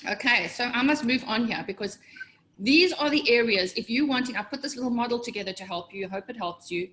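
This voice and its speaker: Animated middle-aged woman coaching a webinar. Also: a little fast. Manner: animated, acts out inner voices with sudden pitch jumps. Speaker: business coach. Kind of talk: motivational webinar presentation.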